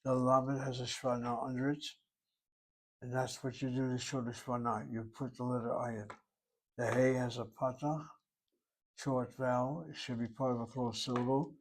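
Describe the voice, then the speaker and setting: A man's voice: medium pitch, little pitch movement, normal speed, slight background noise. A man teaching a recorded language lesson, working through each word aloud, step by step and methodically. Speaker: Hebrew teacher.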